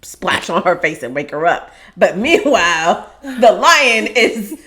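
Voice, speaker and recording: A woman co-hosting a casual podcast chat, animated and laughing, who acts out dramatic voices. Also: medium pitch, takes it slowly. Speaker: podcast co-host.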